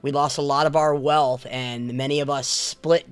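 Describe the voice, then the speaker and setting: A man's voice: mid-range voice, steady tone, normal speed, hardly any pauses, clear, resonant tone. A man playing a tabletop game, talking in character with rambling, mock-grand pronouncements. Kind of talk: in-character roleplay.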